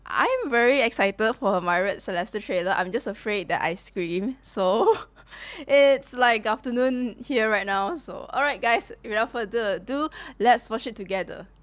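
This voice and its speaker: A woman youtuber reacting live to a game trailer, excitable and gushing, with gasps and exclamations. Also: fairly high pitch, measured pace, hardly any pauses, dry recording.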